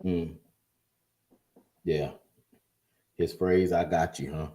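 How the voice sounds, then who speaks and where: A man with a very deep, dark, mellow voice hosts a live-stream interview. He speaks gently and slowly, pausing often on fillers as he reads along and responds. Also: fairly even intonation. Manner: gentle and measured, with frequent fillers. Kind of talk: live-stream interview, reading viewer comments.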